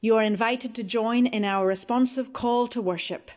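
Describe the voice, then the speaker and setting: A woman, a minister leading a communion service and prayers in a measured, gentle manner. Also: a little high, steady tone.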